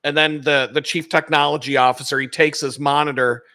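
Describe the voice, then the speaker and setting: A man hosting his own channel, telling a personal work story in a casual, animated, profane way and acting out the people he quotes. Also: on the high side, a little fast, no echo.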